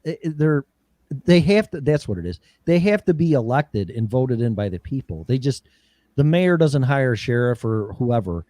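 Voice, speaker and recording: A man's voice: mid-range voice, big pitch swings, moderate pace, dark tone, no echo, studio quality. A man hosting a political talk show, ranting heatedly with profanity and mocking impressions. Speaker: show host.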